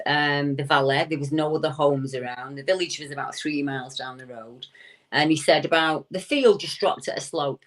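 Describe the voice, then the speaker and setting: Low-voiced woman telling a story. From United Kingdom. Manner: retells a story vividly, acting out the witness's quoted words. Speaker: guest recounting a witness's encounter. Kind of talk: conversational storytelling.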